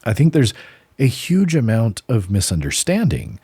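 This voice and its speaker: A man's voice: medium pitch, huge pitch swings, normal speed, mellow, husky, no room sound. A young man co-hosting a casual book-discussion podcast, rambling and restarting as he tells a story. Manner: rambling, self-interrupting storyteller. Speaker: podcast co-host.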